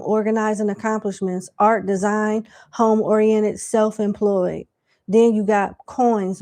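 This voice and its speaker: A woman's voice: mid-range voice, warm tone, slight background noise. A woman giving live tarot question readings in a casual, slangy, chatty way. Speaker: tarot reader.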